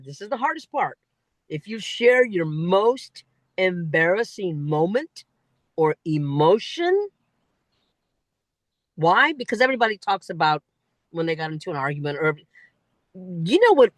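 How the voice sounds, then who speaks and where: Animated woman coaching public speaking. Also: no room sound, low-quality recording. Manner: animated, emphatic, swings pitch widely for emphasis. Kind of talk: lively instructional talk.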